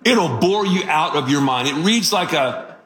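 A man preaching a sermon as pastor, telling stories in an animated, joking way. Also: a little high, a little slow, roomy sound.

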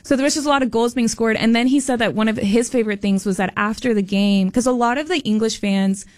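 A woman's voice: fairly high pitch, quick pace, no echo, clean studio sound. A woman co-hosting a morning radio show, telling a family story in bubbly casual chat, with lots of "like". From family from Mexico. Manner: bubbly, storytelling, says "like" often.

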